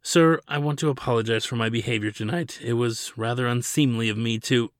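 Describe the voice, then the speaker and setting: A man's voice: medium pitch, brisk, no echo, studio quality, lightly acted. A man voicing a stern, formal male manager and loyal servant, speaking insistently.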